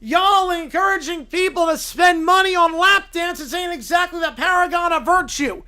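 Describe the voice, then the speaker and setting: A man voicing a loud, self-righteous male lawyer with a put-on Southern drawl who moralizes in folksy sayings, in a comic courtroom role-play. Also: normal speed, exaggerated voice. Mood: indignant. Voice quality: booming, preachy, folksy sayings.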